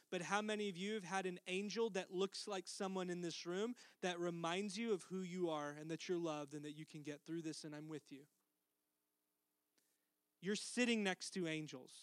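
A middle-aged man preaching a sermon as pastor, earnest, dropping to a soft hush for tender lines. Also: high voice, smooth, no echo.

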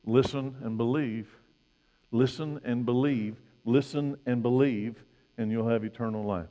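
A male pastor preaching a sermon, swinging from loud emphatic peaks to hushed, low lines. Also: fairly even intonation, unhurried, long reverb tail, highs cut off.

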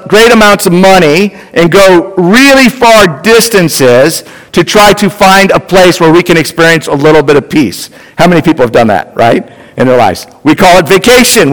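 A middle-aged male pastor preaches with a slightly high voice, talking to his congregation like he's chatting with friends. His voice rings out with the long reverb of a church hall. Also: fairly bright tone. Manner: conversational, addresses the congregation directly. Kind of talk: sermon with personal storytelling.

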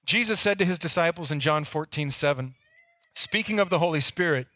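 A man's voice: on the high side, lively intonation, a little fast, bright, forceful tone, no room sound, clean studio sound. A man preaching a sermon, telling the story earnestly and sometimes repeating words as he goes. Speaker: pastor.

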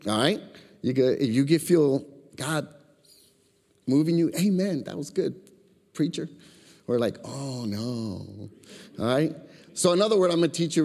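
A man's voice: fairly high pitch, a little mellow, long reverb tail. A man preaching a casual, joking sermon in a church and inviting the congregation to answer back. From Chicago. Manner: joking, conversational, asks for call-and-response. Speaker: guest preacher. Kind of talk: informal sermon. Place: church sanctuary.

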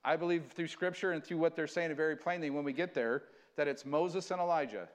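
Male pastor, slightly high voice, earnest sermon delivery with dramatic scripture readings. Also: a little fast.

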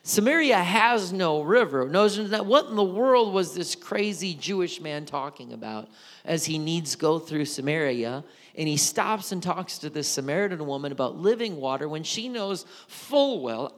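A man preaching a sermon in an animated, conversational storytelling way. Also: a little high, moderate pace, big-room sound.

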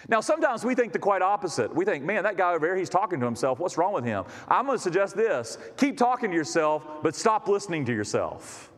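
Impassioned high-pitched male preacher. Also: big pitch swings, fast talker, hardly any pauses, fairly bright tone. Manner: impassioned preaching, rising and dropping dramatically. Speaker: pastor. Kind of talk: sermon. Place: church sanctuary. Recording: long reverb of a church hall.

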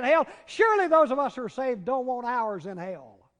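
A man with a Southern American accent preaching a sermon, dropping to hushed, drawn-out words and rising to loud, urgent cries. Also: very high voice, very animated. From Southern United States. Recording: long reverb of a large hall.

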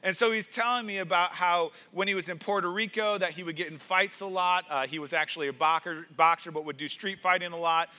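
A man's voice: high-pitched, a little fast, few pauses, pushed and bright. A man preaching a sermon in an earnest style, stressing points and often repeating words as he builds emphasis. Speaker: pastor.

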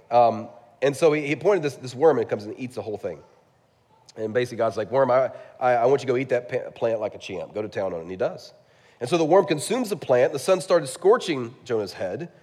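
A man preaching a sermon as a pastor, animated, with big swings between loud and soft. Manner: animated preaching with wide swings in pitch and loudness. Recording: long hall reverb.

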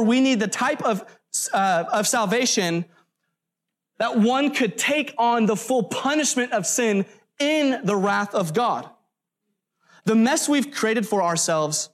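A man preaching a sermon in an earnest, emphatic way, stressing lists of words and breaking off for brief asides. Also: high voice. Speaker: pastor.

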